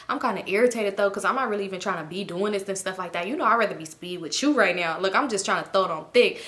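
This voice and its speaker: A woman's voice: medium pitch, fast talker, hardly any pauses, bright, forceful tone. A young woman telling a storytime vlog in casual slang, addressing her viewers as y'all. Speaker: vlogger.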